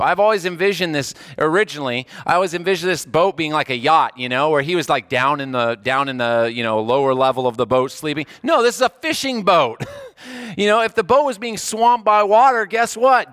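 A man gives a sermon in a relaxed, conversational way, his voice sitting a little high. He shifts from animated, rising bursts to low, hushed lines. The recording is close and dry, with no room sound. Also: no echo. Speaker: pastor.

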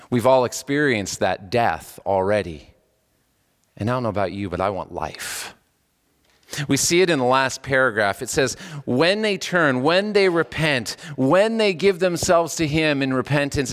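A male pastor preaching a sermon in a church. He swings between raised, emphatic lines and low, solemn ones, with casual asides between scripture readings. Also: big-room sound. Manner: animated preaching with wide swings in pitch and loudness, dropping low on solemn words. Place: church sanctuary.

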